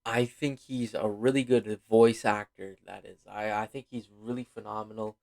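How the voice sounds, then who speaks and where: A man's voice: on the low side, steady tone, moderate pace, vocal fry, darkish tone. A man giving a rambling, casual film review, full of fillers and apologies, sounding tired. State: yawning, tired. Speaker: video host reviewing a film.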